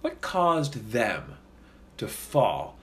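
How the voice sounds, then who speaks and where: Male podcast co-host, animated and profane, rising pitch when he gets fired up. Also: extremely slow. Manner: profane, emphatic ranting. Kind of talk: casual heated chat.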